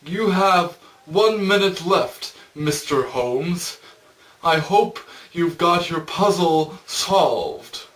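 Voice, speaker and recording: A sinister caller, voiced by a man who taunts in a slow, high voice. He sounds echoey and distant, as if recorded across a room. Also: animated, fairly bright tone, full character voice. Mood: taunting. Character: sinister mysterious caller, adult male.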